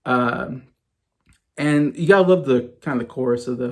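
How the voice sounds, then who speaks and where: A man's voice: medium pitch, moderate pace, background noise. A man in his thirties talking enthusiastically and ramblingly in a casual music ranking vlog. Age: 30s. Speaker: music vlogger.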